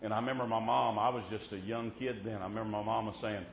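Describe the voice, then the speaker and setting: At a church revival meeting, a man with a lowish, fairly flat voice preaches a folksy storytelling sermon at a fast clip, with slight background noise. He punctuates his words with frequent "Amen"s as his fervor rises, and the recording sounds roomy and dull.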